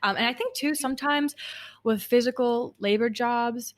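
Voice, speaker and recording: A young woman with a fairly high voice, speaking at normal speed, hosts a podcast interview. Warm and talkative, she goes on at length and drifts into side stories in a casual, rambling way.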